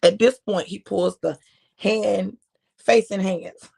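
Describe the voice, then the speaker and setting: A woman preacher telling a sermon story in a conversational way, with drawn-out phrasing and quiet emphasis. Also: mid-range voice, vocal fry, breathy edge.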